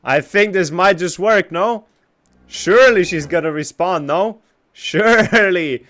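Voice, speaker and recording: A man's voice: high voice, unhurried, fairly bright tone. A young man streaming games live, chatting casually and trash-talking with lots of swearing. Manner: profane, trash-talking banter.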